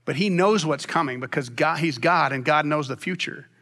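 Bright-voiced male pastor preaching. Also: a little high, normal speed. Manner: long-winded, animated preaching with restarts. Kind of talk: sermon.

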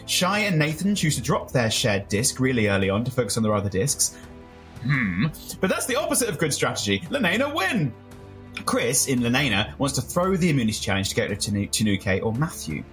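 A man co-hosting a podcast, joking and animated as he recaps episodes. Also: medium pitch, brisk, faint music behind. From France. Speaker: podcast co-host. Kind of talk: casual podcast chat and recap.

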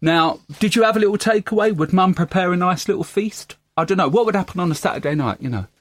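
Playful, teasing higher-voiced man. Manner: playful, teasing, quick to laugh. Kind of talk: casual chat.

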